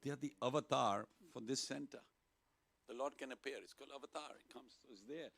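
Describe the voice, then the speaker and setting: A man gives a casual sermon in a temple hall, with a gravelly edge to his voice. He keeps it playful and lively and draws the listeners into call-and-response chanting. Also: medium pitch, a little fast. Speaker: temple speaker. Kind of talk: informal sermon to a congregation.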